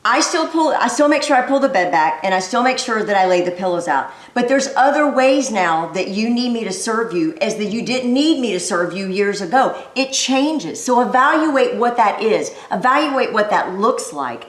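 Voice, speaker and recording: A middle-aged woman co-preaching a sermon from a church stage, telling stories in an animated way and often laughing. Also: on the high side, moderate pace, few pauses. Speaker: pastor's wife, co-speaker. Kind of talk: lively sermon storytelling. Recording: echoey church hall.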